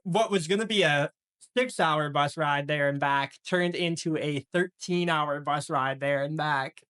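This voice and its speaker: Male podcast co-host, casual rambling storyteller, slightly high pitch. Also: a little slow, fairly bright tone, clean tone. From Wisconsin. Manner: rambling, laid-back storytelling. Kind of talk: casual chat.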